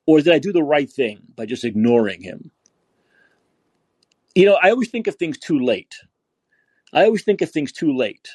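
A man's voice: a little high, animated, normal speed, pauses often, a little mellow, breathy edge, no room sound. A man from New York hosting a call-in podcast, ranting and profane, often repeating himself as he restarts sentences. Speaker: podcast host. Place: San Francisco.

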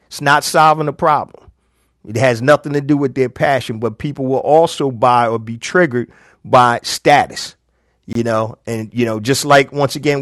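A man's voice: medium pitch, no room sound, clean studio sound. A middle-aged man hosting a live business advice show, talking casually and telling stories with quoted dialogue. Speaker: business coach host.

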